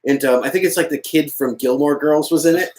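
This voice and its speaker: A man's voice: fairly high pitch, fairly quick, a little mellow, poor audio. Laughing joking man co-hosting a podcast. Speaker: podcast co-host. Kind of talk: casual banter.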